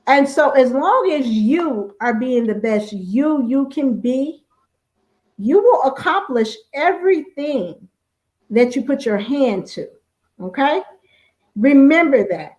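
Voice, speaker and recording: A woman hosting a talk show, speaking in a warm, affirming way and encouraging her guest. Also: high-pitched, big pitch swings, takes it slowly. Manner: warm, affirming, uses endearments.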